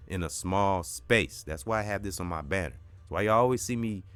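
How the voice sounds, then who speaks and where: A man's voice: low voice, fairly quick, fairly bright tone, clean tone, no echo. A middle-aged man hosting a podcast, giving an emphatic, preachy spiritual pep talk that repeats its points and swears now and then. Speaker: podcast host.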